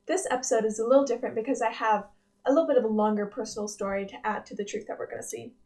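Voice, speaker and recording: A young woman hosting a personal devotional vlog, speaking in an earnest, gentle, reflective way with frequent restarts. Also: a little high, fairly even intonation, rapid-fire. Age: young adult. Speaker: devotional vlog host, nursing student.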